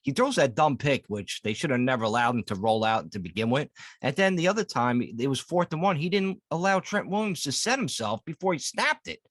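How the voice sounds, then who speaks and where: A man's voice: medium pitch, very animated, brisk, a bit bright, dry recording. A man co-hosting a sports podcast, rambling and swearing in casual chat. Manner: rambling, profane, with filler restarts. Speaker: podcast co-host.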